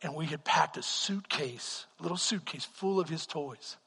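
A middle-aged man preaching a sermon as pastor, telling stories animatedly and swinging between hushed and loud delivery. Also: a little high, measured pace, gravelly, slightly rough. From Texas. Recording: echoey hall reverb.

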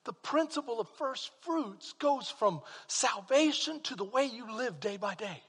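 A man preaching a sermon as pastor, swinging from quiet, slow passages to loud shouted peaks. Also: very high-pitched, lively intonation, husky. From Texas. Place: church sanctuary. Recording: long hall reverb.

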